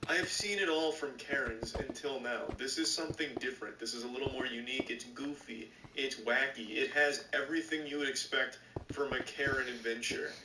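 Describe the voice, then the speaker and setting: A man's voice: mid-range voice, a little fast, hardly any pauses. A man streaming and reacting to videos, giving sarcastic, profane commentary. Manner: sarcastic, swears often. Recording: roomy, distant, noisy mic.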